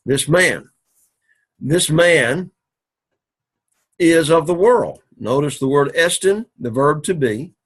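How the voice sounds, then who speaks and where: A man teaching an introductory Greek class, explaining sentences step by step with patient, drawn-out phrasing and frequent throat-clearing. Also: on the high side, lively intonation, a bit bright. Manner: patient, drawn-out explaining with many "all righty"s and restarts. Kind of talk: recorded classroom lecture.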